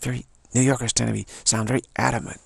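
Older male vlogger, rasping and gravelly, stammering musings, dry close recording. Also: medium pitch, flat delivery, fast talker, no room sound. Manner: musing, stammering repeats, tag questions. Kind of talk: rambling spoken monologue.

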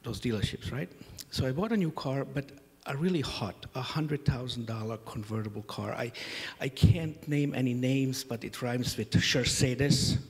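To introduce a conference, a middle-aged host in the conference hall shares humorous, self-deprecating stories about his family. His mid-range voice moves at a moderate pace, with big-room sound.

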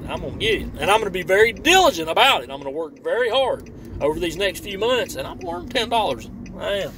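Man, high-pitched, swooping delivery, rambling mocking rant recorded outdoors. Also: very animated, quick pace. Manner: sarcastic, profane, rambling. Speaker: online commentator. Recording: distant mic with loud traffic noise.

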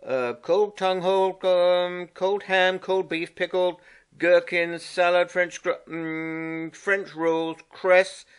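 A man voicing a cheerful, bossy male water rat in a storybook reading, brisk and fussy. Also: high voice, level tone, clear, resonant tone, voice pushed up. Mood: chatty.

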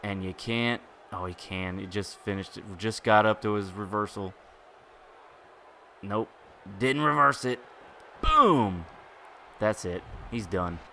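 Excitable man commentating gameplay. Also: fairly low pitch, slight background noise. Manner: excitable, exclaiming and groaning at the game. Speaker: gaming YouTuber.

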